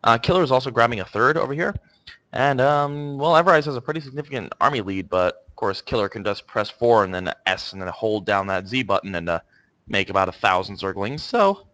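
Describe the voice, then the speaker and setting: A young man casting a video game match in a relaxed, jokey way, laughing often. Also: lowish voice, a little fast, no room sound, highs cut off. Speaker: esports caster. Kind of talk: casual game commentary.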